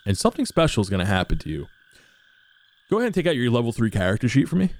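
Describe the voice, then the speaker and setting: A man's voice: mid-range voice, huge pitch swings, racing. A young man narrating as game master, casual and swearing, with lots of fillers.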